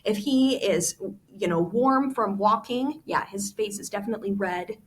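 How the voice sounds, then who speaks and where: A woman's voice: medium pitch, normal speed. Teacher, woman, walks class through a novel, explains words, talks to students. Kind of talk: classroom read-aloud lesson.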